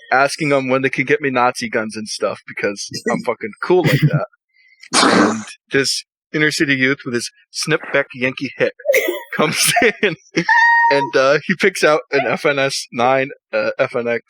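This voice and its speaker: A man's voice: mid-range voice, normal speed, pushed and bright, no echo, rough recording. Podcast host, male, foul-mouthed storyteller; tight, dry sound. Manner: profane, laughing storyteller. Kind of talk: casual chat.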